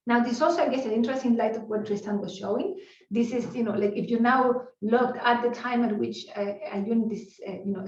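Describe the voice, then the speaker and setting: Woman, fairly high voice, conference lecture, chatty with fillers, roomy dull far-off recording. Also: darkish tone. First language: Spanish. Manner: conversational, peppered with "you know" and restarts. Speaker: neuroscience researcher giving a talk.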